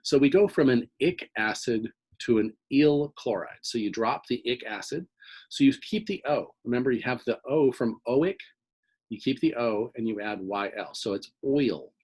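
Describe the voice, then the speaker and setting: A man's voice: medium pitch, expressive, normal speed, breathy edge, low-quality recording. A man teaching organic chemistry in a recorded lecture, explaining step by step and often checking in with "okay?".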